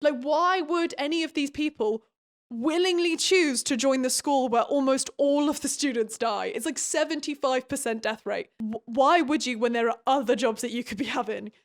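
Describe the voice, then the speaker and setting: A young British woman recapping a book in casual commentary, sarcastic and quick to giggle. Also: high-pitched.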